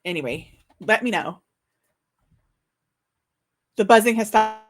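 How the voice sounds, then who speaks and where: A woman in her forties, an author hosting her own book launch livestream, chatting casually in an excited, slightly flustered way. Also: mid-range voice, takes it slowly.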